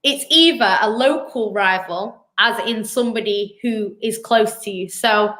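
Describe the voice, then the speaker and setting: Woman, bright and crisp tone, chatty, argues her point, football fan stream. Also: on the high side, measured pace. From Manchester, England. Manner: chatty, argumentative, lots of "do you know what I mean". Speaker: co-host of a football fan show. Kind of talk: casual live-stream football chat.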